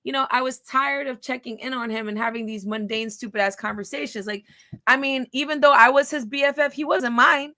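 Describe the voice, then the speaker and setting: A woman's voice: sits high, a little fast, bright, forceful tone, no room sound, clean studio sound. A woman vlogger telling a story in casual talk, reading old messages aloud in a blunt, profane, scornful way.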